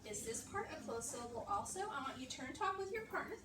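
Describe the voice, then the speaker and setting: A woman teaching young children a reading lesson in a classroom, upbeat and encouraging, speaking slowly and clearly. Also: high voice, very animated. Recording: echoey classroom, far-off mic, background noise.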